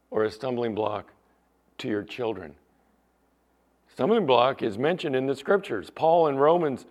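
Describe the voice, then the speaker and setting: A male pastor preaching a sermon, emphatic at times and dropping to a soft storytelling voice. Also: fairly high pitch. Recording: dull lo-fi sound.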